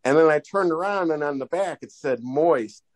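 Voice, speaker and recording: A man guest on a podcast, telling goofy stories in a rambling, animated way with many restarts. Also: on the high side, normal speed. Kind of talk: casual storytelling.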